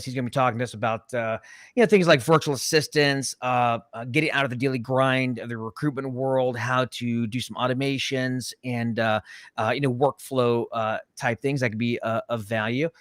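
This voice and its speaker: A man's voice: mid-range voice, no echo. Rambling male podcast co-host, dry sound. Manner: rambling, halting, lots of fillers and jokey asides. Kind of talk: casual chat.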